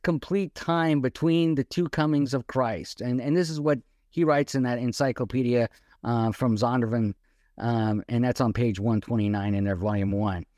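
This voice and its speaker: A man co-hosting a Bible-teaching podcast, animated and firing off rhetorical questions. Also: fairly high pitch, no room sound, studio quality. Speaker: podcast co-host.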